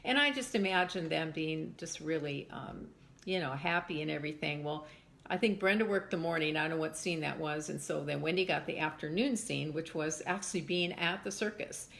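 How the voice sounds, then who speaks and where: An older woman, a mother, reminiscing in an interview with lively storytelling that acts out voices. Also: low voice, a little fast, creaky. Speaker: mother of a former child actor. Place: home in Texas.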